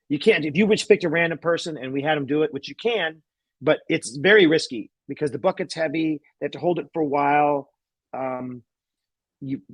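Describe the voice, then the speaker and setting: A man's voice: a little high, husky, no echo. A man, a guest magician, telling a rambling anecdote in casual chat, laughing often and restarting sentences.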